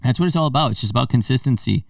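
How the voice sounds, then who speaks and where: A man in his thirties hosts a podcast, telling a story casually and animatedly while acting out the voices and quotes in it. He talks rapid-fire in a mid-range voice with vocal fry, and the sound is clean studio quality with no echo, though the mic is distant.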